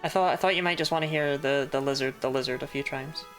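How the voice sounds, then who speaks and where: A woman's voice: deep voice, fast talker, faint music behind. A woman chatting casually while streaming a game, laughing often and swearing now and then. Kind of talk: casual live-stream commentary.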